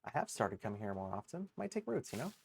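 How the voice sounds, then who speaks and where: A man's voice: lowish voice, very animated, fast talker, creaky, slight background noise. A man streaming a game live, chatting casually in a rambling, self-mocking way and swearing freely. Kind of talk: casual gaming livestream chatter.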